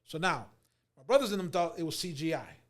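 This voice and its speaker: Fast-talking man in his forties. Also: on the high side, a crowd in the background. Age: 40s. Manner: expressive storyteller acting out quotes, laughing often. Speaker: actor guest. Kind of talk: animated storytelling.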